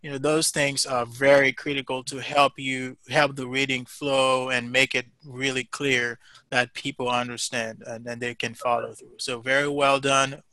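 A man's voice: mid-range voice, flat delivery, moderate pace, sharp tone, no room sound. A man teaching a class, giving patient, encouraging feedback with many fillers and restarts. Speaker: instructor.

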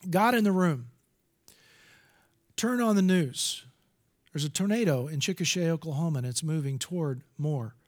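A man's voice: on the high side, animated, moderate pace, pauses often. A middle-aged man preaching a sermon, earnest and storytelling, acting out bits of dialogue.

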